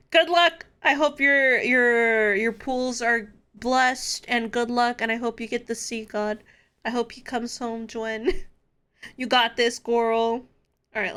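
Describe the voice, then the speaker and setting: A young woman streamer with a bright, sharp voice and an unhurried way of talking. She chats casually with her viewers, giddy and quick to laugh. Her voice sits a little high. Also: smooth. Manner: giddy, laughs often, talks straight to chat.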